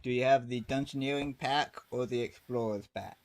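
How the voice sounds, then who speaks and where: A man running a tabletop game as game master, describing scenes in a plain, unhurried way. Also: medium pitch, a little hiss or hum.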